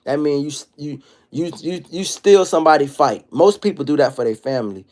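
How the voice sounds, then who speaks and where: A man in his thirties hosting a casual livestream monologue, telling stories in an animated, profane street style. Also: fairly high pitch, fairly quick. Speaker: livestream host.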